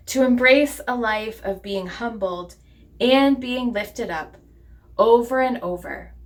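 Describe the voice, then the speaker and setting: A woman pastor delivering a sermon in a measured, deliberate preaching cadence. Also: on the high side, a bit bright.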